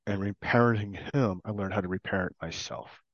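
A middle-aged man sharing his personal recovery story in an earnest, reflective way, in short halting phrases. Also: fairly low pitch, steady tone, dry recording. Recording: dull, dry recording.

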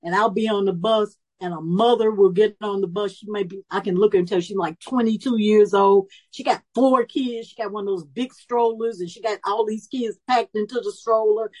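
A woman of about seventy telling a personal story at a recovery meeting, lively and animated, acting out the voices she quotes. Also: medium pitch, moderate pace, few pauses, poor audio. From Chicago area. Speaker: speaker sharing her story at a recovery meeting.

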